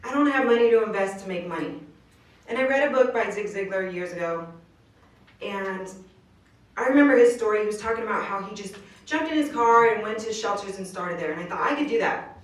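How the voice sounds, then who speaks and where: Woman, motivational speaker, earnest casual storytelling, mid pitch, distant mic, live room echo. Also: animated, fairly quick. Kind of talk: inspirational speech. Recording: roomy distant live recording.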